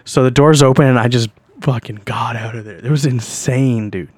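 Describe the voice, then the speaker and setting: A man's voice: mid-range voice, moderate pace, darkish tone, slightly rough, no echo. A young man hosting a podcast, telling a story in a loose, rambling way, swearing often and breaking into laughter. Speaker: podcast host. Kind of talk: casual storytelling monologue.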